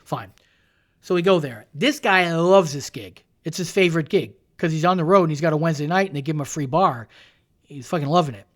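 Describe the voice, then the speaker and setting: A man's voice: fairly high pitch, fast. A man in his fifties, a guest comedian from Canada, telling a profane story in casual podcast chat and acting out the voices of the people in it.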